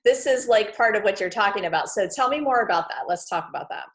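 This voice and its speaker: A woman's voice: mid-range voice, expressive, fast. A woman hosting an interview, asking questions in an encouraging way and laughing along with her guest. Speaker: podcast host. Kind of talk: interview conversation.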